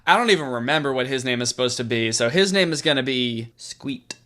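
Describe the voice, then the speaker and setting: A man's voice: medium pitch, animated, fairly quick, fairly bright tone. A young man doing sarcastic, joking commentary as he plays through a story game for his channel. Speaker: YouTuber. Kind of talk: comedic let's-play commentary.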